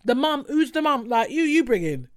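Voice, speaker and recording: A young woman in casual, animated chat, swearing freely and mimicking others. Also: high-pitched, moderate pace.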